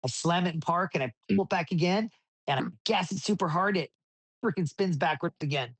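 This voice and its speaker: A man telling racing stories in a casual interview, rambling with many restarts and getting animated as he recounts events. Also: high voice, fairly quick, no echo. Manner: rambling with frequent restarts, animated when retelling. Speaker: desert racing driver, podcast guest.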